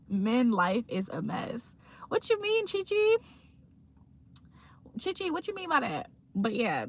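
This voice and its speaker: A woman's voice: medium pitch, fairly bright tone. A young woman from Virginia hosting a casual morning livestream, reading chat comments aloud in a laid-back, chatty way and laughing often. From Virginia, USA. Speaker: livestream host.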